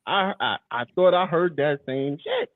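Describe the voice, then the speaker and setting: A man hosting a podcast in casual, teasing, slangy talk, also reading sponsor shout-outs. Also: fairly high pitch, huge pitch swings, a little slow, no echo. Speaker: podcast host. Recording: dry, phone-like thin sound.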